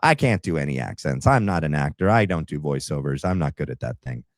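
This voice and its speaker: A man with a very low voice hosts a casual commentary livestream. He speaks to his chat with rambling asides. The sound is dry and close. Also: expressive, brisk, no room sound. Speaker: livestream host.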